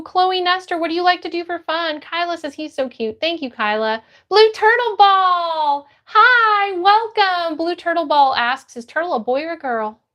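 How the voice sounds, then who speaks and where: A woman's voice: extremely high pitch, fairly bright tone. A woman livestreamer reading her chat aloud, upbeat and greeting viewers by name.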